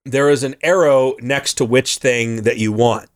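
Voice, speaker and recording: Animated man retelling a game story. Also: mid-range voice, unhurried. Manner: animated storyteller who slips into character voices. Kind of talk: casual chat, retelling a video game story.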